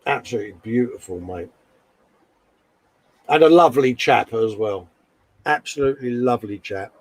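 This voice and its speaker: A man's voice: medium pitch, lively intonation, normal speed, dry recording, poor audio. A man hosting a live hobby stream in casual chat, laughing often and calling everyone mate.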